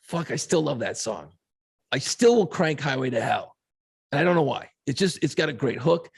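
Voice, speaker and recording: A man's voice: mid-range voice, normal speed, creaky, slightly rough. A man co-hosting a podcast, chatting casually and swearing freely while he tells stories. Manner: profane, animated storyteller. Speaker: podcast co-host. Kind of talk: casual chat.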